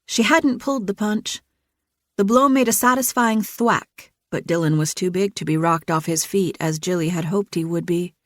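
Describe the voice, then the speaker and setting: A woman narrating an audiobook thriller in a steady, measured reading. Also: on the low side, no room sound, studio quality. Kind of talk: scripted narration.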